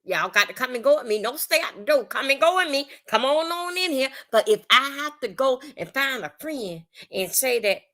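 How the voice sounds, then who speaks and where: A woman hosting a casual livestream, talking bluntly and profanely in an animated, storytelling way. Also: sits high, normal speed, hardly any pauses. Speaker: livestream host. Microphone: phone or webcam on livestream.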